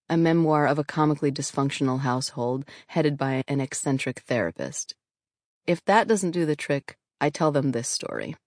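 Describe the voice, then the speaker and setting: A woman with a low voice narrates her own memoir in a frank, candid way. The studio sound is close and dry, with no room around her. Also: dry recording. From New York, USA. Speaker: author reading her own book.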